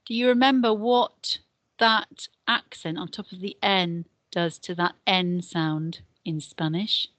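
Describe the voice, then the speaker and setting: A woman's voice: lowish voice, fairly even intonation, takes it slowly, fairly bright tone, no room sound. An English woman teaching a beginner Spanish lesson, patiently drilling words and numbers. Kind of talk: recorded classroom lesson.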